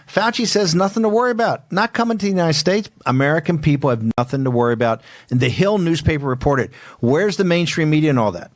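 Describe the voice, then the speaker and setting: A man hosting a political talk show, speaking in a combative, rapid-fire, emphatic way. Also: a little high, animated, no room sound. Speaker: host.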